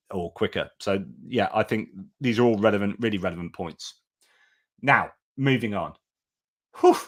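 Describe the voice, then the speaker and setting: A man hosting a casual news commentary stream, talking chattily with restarts and asides. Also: fairly low pitch. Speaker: host.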